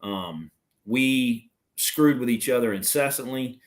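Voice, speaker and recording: Middle-aged man, casual storyteller, blunt and salty, mid-pitched voice. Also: takes it slowly. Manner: blunt, profane, anecdotal. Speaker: interview guest, retired Marine officer.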